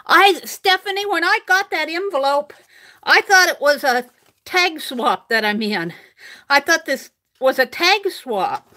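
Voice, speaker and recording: A woman's voice: high-pitched, expressive, unhurried, bright, forceful tone. An older woman live-streaming her crafting, chatting casually, reading viewers' comments aloud and laughing often. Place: home craft room.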